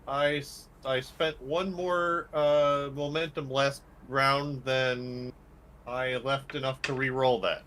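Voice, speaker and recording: A man playing a tabletop game, talking in a hesitant, halting way. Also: mid-range voice, flat delivery, a bit bright. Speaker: player. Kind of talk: tabletop play.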